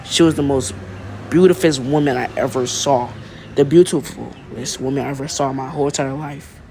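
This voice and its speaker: A man voicing a scheming villain who turns out to be a long-lost father, speaking low and hushed. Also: steady tone, a little fast, creaky, a little hiss or hum, lightly acted. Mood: tender.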